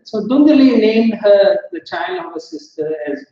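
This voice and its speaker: Heard through a dull, far-off mic in an echoey temple hall, a male speaker recounts a scripture story as part of a sermon. His high, mellow voice is expressive and moves at a moderate pace. He keeps it chatty, chuckling at his own side comments.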